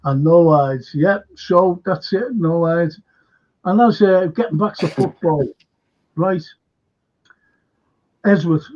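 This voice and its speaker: An older man hosting a casual fan podcast, rambling, animated and swearing a lot. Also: on the high side, slow, long pauses. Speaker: host. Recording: dull lo-fi call audio.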